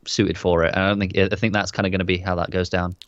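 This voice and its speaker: A man's voice: low-pitched, flat delivery, quick pace, clean tone, dry recording. A man co-hosting a casual TV review podcast who backs up his partner with short replies. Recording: dull, dry lo-fi sound.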